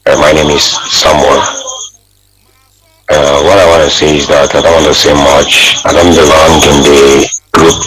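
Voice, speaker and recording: A man's voice: very deep voice, flat delivery, moderate pace, a bit bright, soft background music, poor audio. A man calling in to a radio show over the phone, speaking earnestly with hesitant fillers. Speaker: caller.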